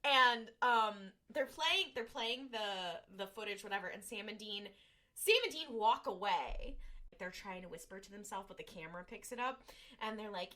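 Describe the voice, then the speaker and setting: Bright-voiced woman rambling through a recap. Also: medium pitch, animated, normal speed. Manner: rambling, lots of "like" and "um", acts out lines. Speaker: podcast co-host. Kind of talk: casual recap chat.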